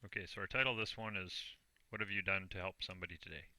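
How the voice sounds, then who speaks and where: A man's voice: low voice, steady tone, very fast, bright, forceful tone. A Canadian man talking through a casual screen-recorded tutorial, plain and self-deprecating as he narrates each click. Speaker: online business vlogger.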